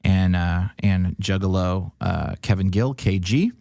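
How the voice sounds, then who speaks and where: A man's voice: low voice, a little slow, gravelly, a little mellow, no room sound, studio quality. A man, a comedian guest on a casual podcast, rambling through a story and acting out the people in it.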